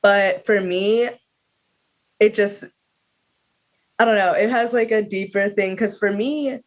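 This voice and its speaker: A woman's voice: mid-range voice, fairly even intonation, slow pace. Young woman, about twenty, chatty, lots of fillers, video call guest, mid-range voice. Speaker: student guest. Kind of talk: casual interview chat.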